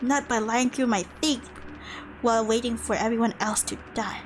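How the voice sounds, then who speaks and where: Woman doing a grim bitter captain, lowered voice, blunt, game read-along. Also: fairly even intonation, normal speed, a little hiss or hum, close to an everyday voice. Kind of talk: reading game dialogue aloud.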